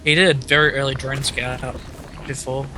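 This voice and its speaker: A man's voice: medium pitch, level tone, moderate pace, bright, forceful tone, low-quality recording. Matter-of-fact male co-caster. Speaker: esports co-caster. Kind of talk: live game commentary. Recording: faint hiss.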